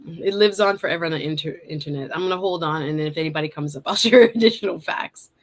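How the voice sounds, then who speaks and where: A woman, hosting a live stream and telling a story in a casual, animated way. She laughs often and acts out her own lines. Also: deep voice, fast. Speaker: host.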